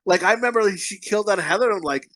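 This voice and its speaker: A man's voice: high voice, rapid-fire, fairly bright tone, dry recording. A man co-hosting a podcast in casual chat, a profane, rambling storyteller who laughs at his own stories. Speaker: podcast co-host.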